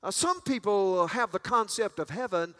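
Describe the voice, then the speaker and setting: A folksy, emphatic preacher with a fairly high male voice, building to fervent peaks with many restarts along the way. His sermon rings out in a sanctuary with a long, lingering reverb. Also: lively intonation, moderate pace, fairly bright tone. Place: church sanctuary.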